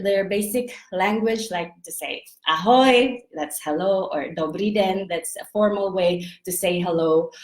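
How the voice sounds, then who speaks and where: A young woman with a Filipino accent talks slowly and casually to her vlog audience. She fills her explanations with ums and restarts. Her voice carries an echoey room sound. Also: lowish voice. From Philippines. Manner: chatty, laughs often, many fillers and restarts. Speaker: vlogger.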